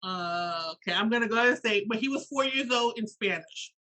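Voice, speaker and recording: Guest voice: animated Puerto Rican woman, middle-aged, bright tone, filler-heavy casual talk. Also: a little high, brisk, low-quality recording. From Puerto Rico. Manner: animated, lots of "you know" fillers. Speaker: guest author and educator. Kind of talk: casual interview conversation.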